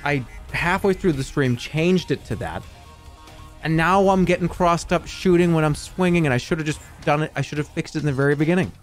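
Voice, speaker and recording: Over game music, a man with a slightly high voice streams a video game, talking a little fast. He chats casually with viewers in a jokey, exaggerated manner.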